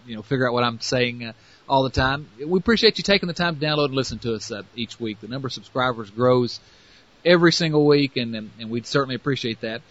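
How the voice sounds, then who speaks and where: A man's voice: mid-range voice, fast, fairly bright tone, muffled recording. A man with a Southern US accent hosting a podcast, rambling casually with lots of fillers. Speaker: podcast host.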